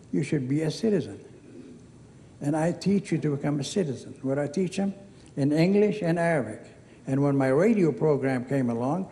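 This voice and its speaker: A man's voice: medium pitch, mellow. An older man from Lebanon with a Lebanese accent, giving a chatty, anecdotal acceptance speech and acting out the dialogue in his stories. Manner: chatty storyteller, acts out quoted dialogue. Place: event hall. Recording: reverberant hall.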